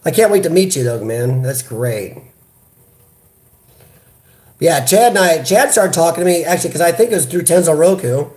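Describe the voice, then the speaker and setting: A man from the United States hosting a casual live chat, talking in an animated, chatty way into a computer webcam. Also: a little high, normal speed, long pauses. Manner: animated, chatty, reads viewer comments aloud. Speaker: livestream host. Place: hospital room.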